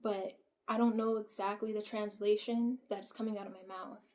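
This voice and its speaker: A woman vlogger telling a personal story in a casual, soft way, full of "like" fillers and often dropping to a near-whisper. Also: medium pitch, steady tone, normal speed.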